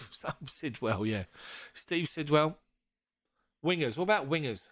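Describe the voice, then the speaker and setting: A man's voice: a little high, animated, slow pace, a bit bright, dry recording, studio quality. A man hosting a casual live fan stream. He is jokey, laughs often and swears casually as he chats with viewers.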